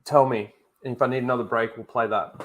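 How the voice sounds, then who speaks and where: A man's voice: medium pitch, fairly even intonation, fast. A man hosting a casual livestream, rambling, correcting himself and talking straight to his viewers. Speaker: livestream host.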